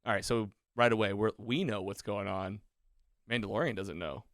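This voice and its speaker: Podcast co-host, male, lower voice, dry close studio sound, rambling retell with fillers. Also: fairly even intonation, moderate pace, dry recording. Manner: loose, rambling, with many fillers and quoted lines. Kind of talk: casual chat, retelling a TV episode.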